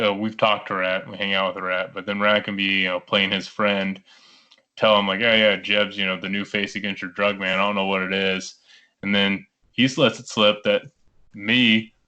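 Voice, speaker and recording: A man's voice: on the low side, bright, forceful tone, highs cut off. A man playing in a tabletop game, talking in a rambling way full of fillers. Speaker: player. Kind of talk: casual tabletop game talk.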